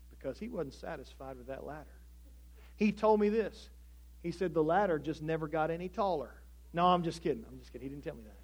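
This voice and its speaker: A pastor preaching a sermon to a congregation, talking conversationally with jokes and building to emphatic preaching. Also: male voice, on the high side, a little mellow, slightly rough.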